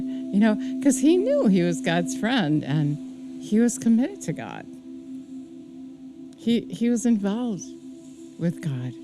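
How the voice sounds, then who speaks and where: A woman preacher giving an earnest, conversational sermon with frequent fillers. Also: fairly low pitch. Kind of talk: casual sermon. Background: singing bowl music.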